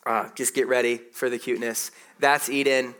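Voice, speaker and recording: A man in his thirties preaching a sermon as pastor, conversational and animated, telling stories with quick asides. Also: mid-range voice.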